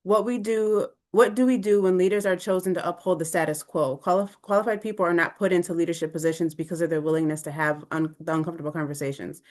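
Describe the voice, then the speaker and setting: A woman with a low voice for a woman speaks over a video call, animated and conversational and reacting openly as she goes. She is co-leading a live online discussion. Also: fast, few pauses. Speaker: webinar co-presenter.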